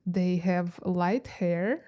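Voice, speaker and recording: A woman giving a pick-a-card tarot reading to camera, gentle and musing, with frequent fillers and soft laughs. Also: on the low side, extremely slow, lo-fi sound. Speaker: tarot reader.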